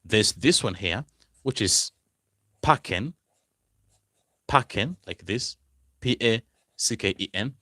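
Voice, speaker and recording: Male language tutor, lowish voice, drawn-out repeated words, close dry sound. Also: expressive, pushed and bright, dry recording. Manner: slow, repeats each word several times and asks the viewers questions. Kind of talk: teaching German vocabulary.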